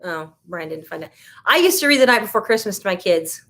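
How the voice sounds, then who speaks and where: Her mid-range voice is expressive, pushed and bright, and she talks fairly quickly. The speaker is an American woman hosting a relaxed live stream, reacting to viewers' comments while she chats.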